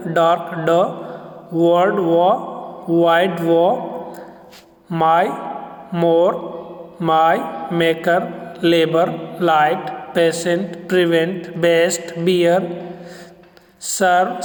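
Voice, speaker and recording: A man giving a recorded literature lecture to students, explaining each point slowly and deliberately. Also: high-pitched. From India. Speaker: English lecturer. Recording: echoey roomy recording.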